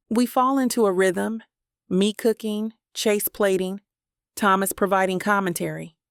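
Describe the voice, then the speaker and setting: A woman narrating a first-person romance audiobook with an intimate, even storytelling manner. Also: mid-range voice, measured pace, creaky, smooth, dry recording, studio quality.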